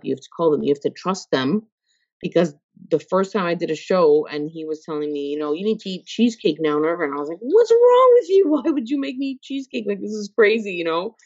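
A woman's voice: sits low, a little mellow, no echo. A woman guest in a casual podcast interview who talks expressively, laughs often and acts out the voices she quotes. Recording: dull lo-fi sound.

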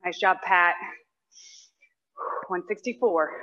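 A woman's voice: on the high side, extremely slow, long pauses, big-room sound, background noise. A woman fitness instructor coaching a live workout with short cues, countdowns and cheers for people by name, breathing hard as she exercises along. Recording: dull lo-fi online class audio.

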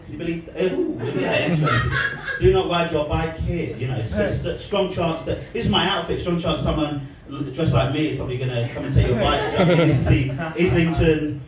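A man's voice: on the high side, fast talker, hardly any pauses, a loud crowd. Rambling man, echoey and distant. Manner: rambling, laughing between lines. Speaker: stand-up comedian. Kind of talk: stand-up set and comedy vlog. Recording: echoey, distant mic, noisy background.

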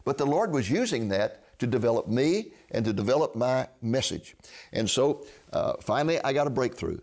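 Older preacher-host, gravelly mid-range voice, earnest testimony with acted-out quotes. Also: male voice, medium pitch, sing-song, moderate pace, darkish tone. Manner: earnest storyteller, acts out quoted dialogue. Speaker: ministry founder and TV host. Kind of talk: personal testimony storytelling.

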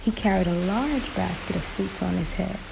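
A woman narrating a folktale in a slow, emphatic storytelling manner, in a noisy recording. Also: medium pitch, creaky.

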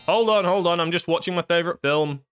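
A man with a slightly high voice narrates his way through a horror game. He riffs sarcastically on the characters, swearing and laughing as he goes. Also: fast talker, fairly bright tone, clear, resonant tone. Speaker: gaming YouTuber. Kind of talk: horror game let's play commentary.

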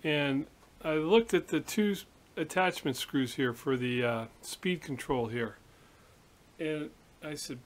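A man hosting a workshop video, chatting casually and telling a story in a relaxed, rambling way. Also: on the high side, slow. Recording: echoey room from a distance, hiss.

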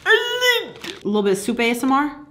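Young woman vlogger, bright higher voice, chatty and giggly, casual swearing, close to camera at home. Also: racing, a little hiss or hum. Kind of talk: casual vlog chat to camera. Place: at home, indoors.

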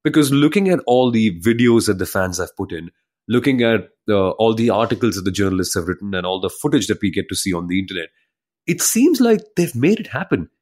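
Lowish male podcast host, teasing. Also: sing-song, fairly quick, a little mellow. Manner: laughs often, teasing, steers the talk. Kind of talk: casual chat.

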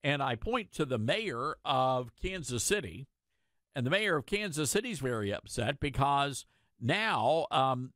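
A man holds forth on a talk radio show with pointed sarcasm and rhetorical questions. His pitch sits fairly high and swings widely as he drives his points home. The sound is dry and close, as in a studio. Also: a bit bright, dry recording. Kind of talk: opinion talk radio monologue.

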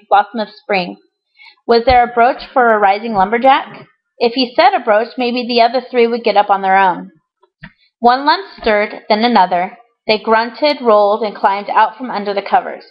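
A woman reading a children's storybook aloud with clear, even storytelling and the occasional small slip. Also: a little high. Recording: dull lo-fi recording.

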